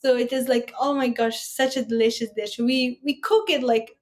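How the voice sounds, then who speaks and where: A woman's voice: on the high side, moderate pace. A young woman from Afghanistan, a Persian speaker, telling stories as a podcast guest, full of "like" and "oh my gosh". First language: Persian (Farsi). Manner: lively storytelling, repeats "like" and "oh my gosh". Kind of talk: casual interview chat.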